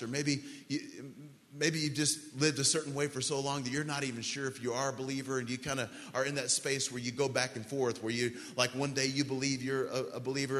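A man preaching a sermon as pastor, earnest and pleading, slowly leading the congregation through a prayer. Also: medium pitch, a bit bright. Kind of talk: sermon altar call. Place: large church hall. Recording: long church hall reverb.

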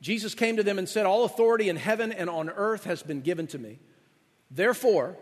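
A man preaching a sermon as pastor, slowing down and rising in pitch on key words for emphasis. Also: big-room sound.

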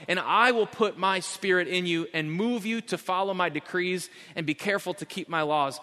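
Male pastor, sermon delivery, bright high voice, emphatic repetition, church hall reverb. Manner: emphatic, repeats key phrases slowly. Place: church sanctuary.

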